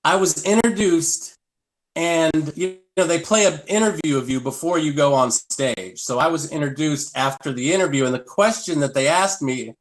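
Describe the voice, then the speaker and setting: Male comic guest, raised pitch, loose and self-deprecating storyteller. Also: normal speed. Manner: rambling, self-deprecating storytelling with scat vocal bits. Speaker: comedian guest. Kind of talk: casual live-stream chat.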